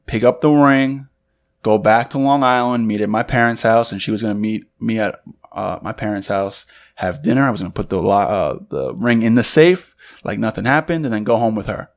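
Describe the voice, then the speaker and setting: With a fairly low pitch and a fairly quick delivery, a young podcast co-host casually recounts a story over cigars. He's lively about it, acting out the voices of those he's quoting.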